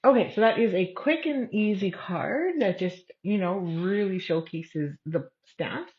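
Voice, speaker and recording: A woman's voice: medium pitch, expressive, a little slow, lo-fi sound. A woman hosting an online craft class, talking casually step by step and thinking aloud as she works. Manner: chatty, thinks aloud while working.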